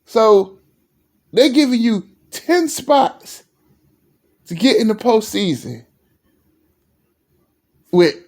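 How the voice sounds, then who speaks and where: A man from Virginia ranting in a sports vlog, fired up and repeating himself, sometimes dropping low and emotional. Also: very animated, drawn-out words, pauses often, a little mellow. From Virginia, USA. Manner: fired-up and repetitive, stumbles over restarts; drops low and emotional at times. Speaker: sports commentary vlogger.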